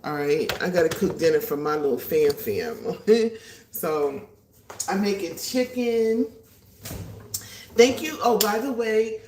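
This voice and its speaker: A woman's voice: lowish voice, expressive, slow pace, pauses often, darkish tone, reverberant, distant mic, a little hiss or hum. A woman hosting a casual livestream from her kitchen, chatting animatedly and greeting her viewers. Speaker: livestream host. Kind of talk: casual chat. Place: home kitchen.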